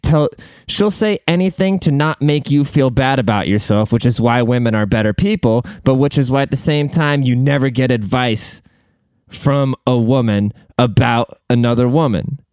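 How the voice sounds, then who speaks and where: A man's voice: mid-range voice, moderate pace, a little mellow, clean tone, no room sound, studio quality. A man hosting a casual solo podcast from a room at home, rambling bluntly and swearing freely. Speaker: podcast host.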